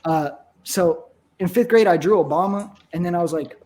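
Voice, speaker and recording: A man's voice: sits high, normal speed, darkish tone. A young man in casual chat with friends, swearing and laughing through his stories.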